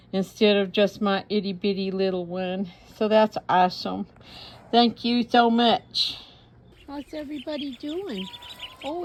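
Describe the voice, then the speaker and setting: Slow chatty farm lady, kinda high voice, faint clucking chickens around. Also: a little hiss or hum. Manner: chatty, talks sweetly to her animals. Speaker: homestead vlogger. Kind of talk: casual farm vlog narration. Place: outdoors on a farm with animals. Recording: faint outdoor ambience with farm birds. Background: chickens and ducks clucking.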